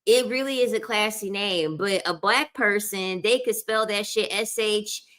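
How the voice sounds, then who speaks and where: Woman rambling to her viewers, slow and unhurried, laughs a lot and repeats stuff. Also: mid-range voice, a bit bright. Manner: chatty, emphatic, laughs often, repeats herself. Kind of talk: casual chat to camera.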